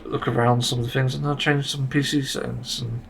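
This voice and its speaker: A man's voice: mid-range voice, level tone, brisk, gravelly, fairly bright tone, slight background noise. A man hosting a solo podcast, ranting in exasperation and swearing often. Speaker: podcast host.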